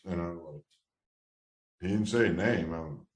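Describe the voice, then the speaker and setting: Low-voiced male guest, thirties, rambling storyteller, roomy sound. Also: a little slow. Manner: rambling, many restarts, low-key then excited. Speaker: former baseball player, guest. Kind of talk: casual storytelling interview.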